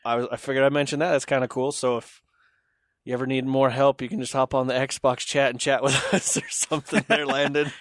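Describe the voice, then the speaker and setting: A man's voice: medium pitch, brisk, no echo, studio quality. Easygoing man hosting tech chat. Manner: relaxed, steers the talk between stories. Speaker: podcast host leading segments.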